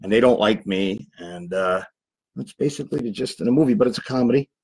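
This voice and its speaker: A man's voice: fairly low pitch, brisk, vocal fry, darkish tone, husky, poor audio. A man who is an actor, guesting on a podcast and rambling loosely about his projects. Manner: loose, rambling, easily sidetracked. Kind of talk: casual chat.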